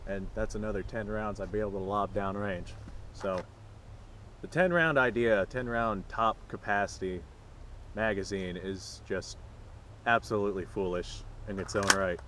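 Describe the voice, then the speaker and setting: Low-voiced guy being sarcastic and deadpan outside, bit of faint noise behind him. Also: normal speed. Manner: sarcastic, mock-serious. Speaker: gun vlogger. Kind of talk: sarcastic outdoor vlog. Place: outdoors at a shooting range.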